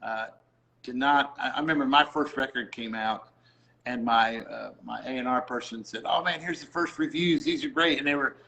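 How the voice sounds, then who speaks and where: A man's voice: medium pitch, moderate pace, sharp tone, poor audio. A middle-aged man, a music producer, chatting about faith and music and acting out the people he quotes as he tells a story. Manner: storytelling, acts out quoted voices. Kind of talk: casual faith talk.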